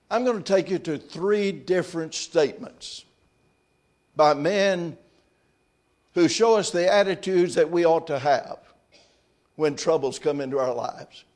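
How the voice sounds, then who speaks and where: A man preaching a sermon, reading scripture aloud and then commenting on it in quieter, reflective asides. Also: fairly high pitch.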